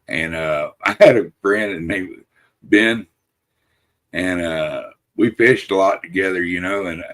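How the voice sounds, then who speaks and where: A man hosting a casual podcast chat, telling long, rambling stories full of swearing and laughter. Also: deep voice. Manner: rambling, profane, laughs through his stories. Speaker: podcast host.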